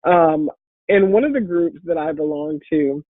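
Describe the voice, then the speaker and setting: A woman with a deep voice, congested and a bit hoarse from a cold, giving an upbeat, encouraging webinar talk as a guest speaker. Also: a little slow, no room sound. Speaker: guest speaker and patient advocate. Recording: phone-like online call audio.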